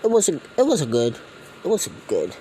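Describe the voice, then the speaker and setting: A man voicing rowdy male gang thugs who taunt and threaten in a loud, raised voice while telling a fan story. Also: fairly high pitch, huge pitch swings, brisk, slight background noise, pitched above the performer's own voice, poor audio. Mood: menacing. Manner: brash, taunting.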